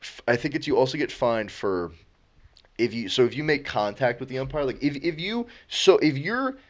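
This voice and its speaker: A young man co-hosting a podcast, chatting casually with friends and acting out quotes with big jumps in his voice. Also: normal speed. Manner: animated storyteller, acts out quotes with big pitch jumps. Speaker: podcast co-host. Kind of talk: casual chat among friends.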